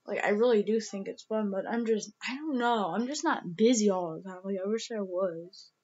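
A young woman talks in a casual vlog, rambling and leaning hard on "like" as she keeps restarting her sentences. She's emotional, close to tears, and her voice is medium-pitched and slightly mellow at a moderate pace. The recording sounds muffled.

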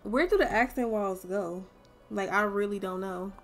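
A young woman with a gravelly, fry-edged voice at a middling pitch, chatting loosely to her viewers while she plays. She swears freely and thinks out loud, with faint game music underneath. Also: moderate pace. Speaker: streamer. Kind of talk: casual gameplay commentary.

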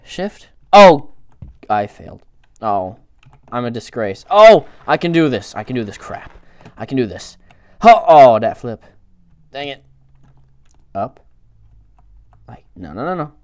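A young man hosting a gaming channel, reacting excitably to the game with yelps and groans. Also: medium pitch, slow, pauses often, no room sound. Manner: excitable, frequent outbursts and groans. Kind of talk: game commentary.

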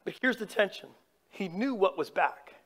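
Man, pastor, high-pitched voice, animated informal sermon, talks directly to the congregation. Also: moderate pace. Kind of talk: conversational sermon.

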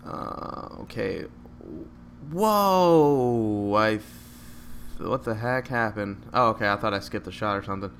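Lower-voiced man doing excitable game commentary. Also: a little fast, gravelly, few pauses, a little hiss or hum. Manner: excitable, joking, bursts out at shots. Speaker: gameplay commentator. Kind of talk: live gameplay commentary.

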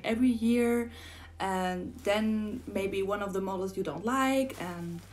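A young woman from Germany, whose first language is German, gushing with breathless excitement as she unboxes a model horse for her vlog and repeats herself often. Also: mid-range voice. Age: young adult. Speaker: model horse collector vlogger.

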